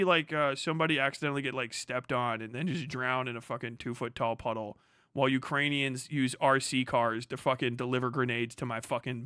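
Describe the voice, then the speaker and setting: A man's voice: medium pitch, fairly bright tone, clean tone, no echo, studio quality, voice pushed down, close to an everyday voice. Man doing a gloomy, swearing Russian grunt, sulky and resigned. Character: grumbling Russian soldier man, miserable and fatalistic.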